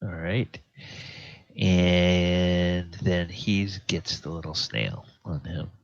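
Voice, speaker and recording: A man's voice: low-pitched, very slow, vocal fry, no room sound. A man running a tabletop game as dungeon master, hesitant with many fillers, on a muffled recording.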